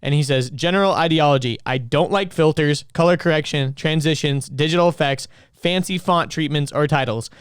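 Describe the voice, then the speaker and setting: A man co-hosting a podcast in casual chat, joking around with his co-host and quick to laugh. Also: fairly high pitch, clean tone, dry recording, clean studio sound.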